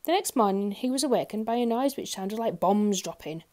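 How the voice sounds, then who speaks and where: A woman reading a children's picture book aloud, expressive and talking directly to young listeners. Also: medium pitch, a little fast. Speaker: storyteller. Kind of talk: children's story read-aloud.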